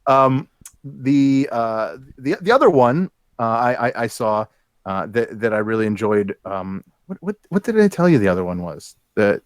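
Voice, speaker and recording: A man co-hosting a casual chat show, rambling and halting with many fillers and restarts. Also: mid-range voice, animated, no echo. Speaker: co-host.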